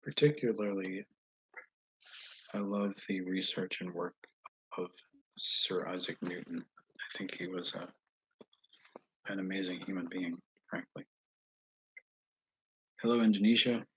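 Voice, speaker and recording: Low, husky man with a Northeast US accent. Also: steady tone, no echo, rough recording. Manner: rambling, slow, with frequent pauses and fillers that trail off into quiet asides. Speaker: channel host answering viewers. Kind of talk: casual live chat.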